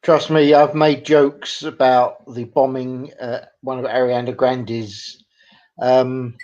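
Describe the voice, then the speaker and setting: Slow, dry-joking man on a muffled mic. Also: mid-range voice, flat delivery, darkish tone. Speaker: co-host. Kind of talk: casual chat.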